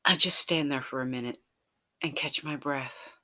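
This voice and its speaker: Romantic audio story narrator, soft, intimate, breathy whispers, mid pitch. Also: moderate pace.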